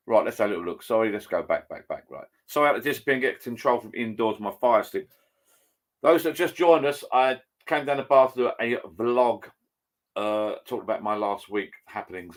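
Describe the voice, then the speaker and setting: An older man hosting a casual livestream from his home bar, chatty and rambling, reading viewer comments aloud. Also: on the low side. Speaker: livestream host. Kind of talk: casual live chat.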